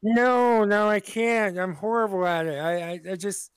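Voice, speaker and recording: A man's voice: sits high, unhurried, smooth, dry recording. An American man co-hosting a podcast in casual comedy chat, often stammering and restarting. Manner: stammering, restarting, laughing easily. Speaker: podcast co-host.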